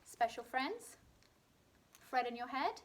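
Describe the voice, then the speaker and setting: A woman teacher with a British accent leads a phonics lesson for young children. She speaks slowly, in a slightly high voice, sounding out each word with clear emphasis. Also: sing-song. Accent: British English. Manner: slow, clearly sounded-out words with bright emphasis. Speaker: primary school teacher.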